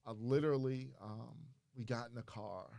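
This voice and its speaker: A man from Maryland tells his personal faith testimony as a podcast guest. He speaks in an animated, storytelling way, often restarting and repeating words as he goes. His voice sits at a middle pitch for a man. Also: normal speed, vocal fry, no echo. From Maryland, USA.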